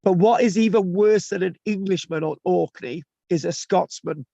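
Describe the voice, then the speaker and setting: Teaching an online class, this lecturer talks casually, restarting sentences and tossing in tag questions. His high-sitting voice is gravelly and dark in tone, moving at normal speed. The audio is dull, lo-fi, and dry.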